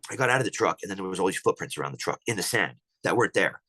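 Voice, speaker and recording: A man's voice: deep voice, lively intonation, very fast, pushed and bright, dry recording, rough recording. A man on a podcast telling a personal encounter story at length, rambling with many restarts. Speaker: podcast guest.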